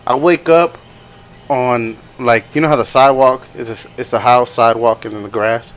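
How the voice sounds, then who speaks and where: A young man co-hosts a podcast, telling stories in a rambling, casual way, laughing often and acting out what people said in other voices. His voice is medium-pitched with fairly even intonation and a moderate pace.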